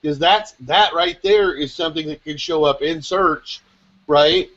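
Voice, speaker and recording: A man in a casual group video chat, explaining things in rapid, excitable rambles. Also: on the high side. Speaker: SEO chat panelist. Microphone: video call. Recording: dull lo-fi call audio.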